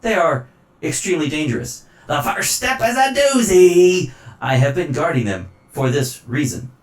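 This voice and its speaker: A man voicing a formal mechanical guard in a tabletop game, talking slowly and stiffly. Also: a little high, sing-song, roomy sound, pitched above the performer's own voice, poor audio.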